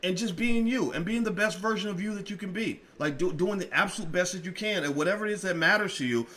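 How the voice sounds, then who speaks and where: A middle-aged man hosting a commentary livestream, fiery and profane, his speech a little slurred from dental work, swinging from loud outbursts to quiet asides. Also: sits high, quick pace. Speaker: commentary channel host.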